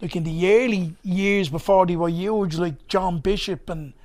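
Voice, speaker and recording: A man's voice: high voice, steady tone, normal speed, a little mellow. A man with a Dublin accent, a comedian telling stories as a podcast guest in a loose, rambling way. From Ballymun, Dublin, Ireland. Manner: rambling, loose, with many asides. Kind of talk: conversational storytelling.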